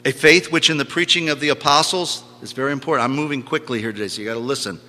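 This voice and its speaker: Man, sermon, emphatic preaching, repeats phrases, very bright tone, long hall echo. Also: medium pitch, fast.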